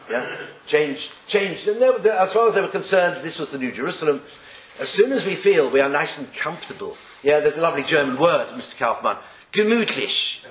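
A man's voice: a little high, fairly bright tone. A man teaching a class on Jewish texts, joking and putting rhetorical questions to his students. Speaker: Torah teacher. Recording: echoey room.

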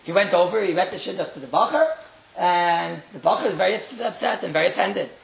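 A man's voice: high-pitched, lively intonation, quick pace, vocal fry. A man speaking as a rabbi, giving a religious talk as a wry storyteller who makes joking asides and repeats his phrases. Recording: roomy echo.

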